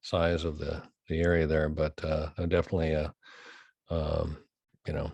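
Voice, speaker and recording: A man hosting an interview podcast, asking questions in a halting way with many fillers. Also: extremely low pitch, completely flat delivery, creaky, a little mellow, no room sound, dull audio. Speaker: podcast host.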